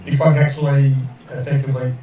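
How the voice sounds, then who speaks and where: A man's voice: medium pitch, little pitch movement, brisk, dark tone. A man playing in a tabletop game, explaining rules with false starts. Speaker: player. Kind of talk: casual tabletop game chat. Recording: echoey distant mic with faint noise.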